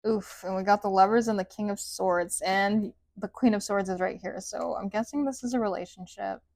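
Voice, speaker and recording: A woman's voice: medium pitch, steady tone, moderate pace, a little mellow, dry recording. A woman giving a casual tarot card reading, chatty and rambling, with sing-song sentence endings. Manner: chatty, rambling, says "like" often. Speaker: tarot reader.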